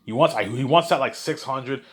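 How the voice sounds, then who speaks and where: A man's voice: mid-range voice, moderate pace. A man rambling in a casual monologue, repetitive and boastful. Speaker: monologue host.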